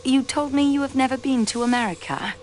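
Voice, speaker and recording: A woman's voice: high-pitched, a little fast, slight background noise, close to an everyday voice, poor audio. A woman voicing a railway clerk turned detective, who questions suspects politely but pointedly and uses French courtesies, in a video game.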